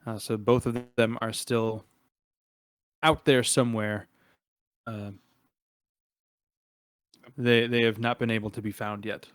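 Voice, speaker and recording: Man, game master, smooth resonant voice, dry sound, hesitant narration with fillers. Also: mid-range voice, fairly even intonation, takes it slowly, pauses often, no room sound.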